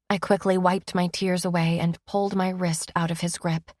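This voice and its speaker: A woman's voice: fairly low pitch, flat delivery, moderate pace, dry recording, studio quality. A woman narrating a first-person romance audiobook in an emotive, intimate reading.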